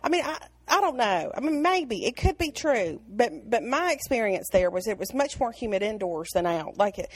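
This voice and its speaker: A woman's voice: fairly high pitch, sing-song, normal speed, hardly any pauses, breathy edge, no echo. A woman with a Southern American accent co-hosting a casual podcast over an online call, chatty and storytelling with frequent laughs. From Alabama, US South. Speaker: podcast co-host. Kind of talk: casual chat.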